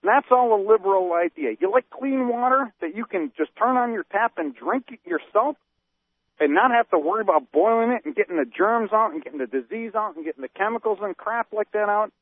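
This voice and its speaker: A man with a high, tight voice rants through a run of pointed rhetorical questions as a talk radio co-host. The sound is tinny and phone-like, thin in the lows and highs. It is bone-dry, with no room around it. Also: animated, brisk, no echo. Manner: ranting, fires off rhetorical questions. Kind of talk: political talk radio discussion.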